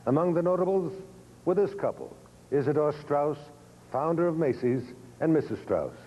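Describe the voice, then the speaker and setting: A man hosting and narrating a documentary in a measured, dramatic, scripted delivery. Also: fairly high pitch, animated, highs cut off, slight background noise.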